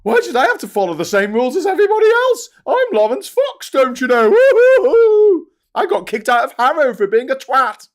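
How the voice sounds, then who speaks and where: A man mimicking a posh, entitled, smug upper-class man in a loud, mocking, braying voice. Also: very high-pitched, wildly swooping pitch, a little fast, voice pushed up, exaggerated voice. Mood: smug indignant.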